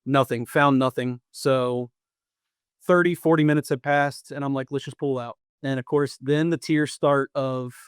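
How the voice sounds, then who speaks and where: A man's voice: medium pitch, steady tone, moderate pace, clean tone, dry recording, clean studio sound. A man in his thirties, a podcast co-host, casually telling a long hunting story with lots of restarts and repeats. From Pennsylvania or Maryland.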